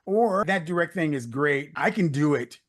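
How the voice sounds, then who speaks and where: Male podcast guest, leadership consultant, lively storyteller, voice a touch higher than most men. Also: normal speed. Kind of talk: conversational interview.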